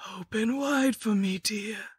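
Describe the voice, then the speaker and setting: A crooning old lich hag. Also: female voice, medium pitch, no room sound, clean studio sound, voice pushed up. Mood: crooning menace. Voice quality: breathy, husky whisper. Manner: cooing, slow, crooning. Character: sweetly menacing old female lich hag.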